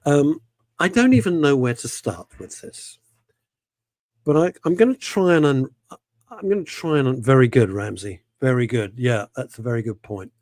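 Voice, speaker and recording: A man's voice: mid-range voice, animated, moderate pace, a little mellow, no room sound. A man hosting a radio talk show, voicing his opinions with passion and a lot of emphatic repetition. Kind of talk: casual talk radio chat.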